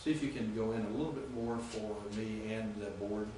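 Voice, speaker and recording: A man teaching a class, speaking haltingly, repeating words and quizzing students as he goes. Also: on the low side, steady tone, noisy background. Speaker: Greek teacher. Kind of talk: classroom lecture. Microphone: distant room mic. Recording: echoey classroom from far off.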